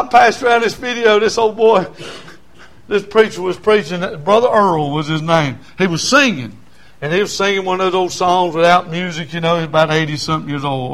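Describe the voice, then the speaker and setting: This older pastor has a high voice and delivers his sermon in a folksy, storytelling style. He swings between quiet talk and shouting.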